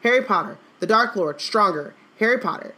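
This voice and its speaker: A woman's voice: deep voice, fairly quick, a bit bright. A woman reading aloud and voicing an older male official who mutters orders to no one and then pleads in frantic bursts.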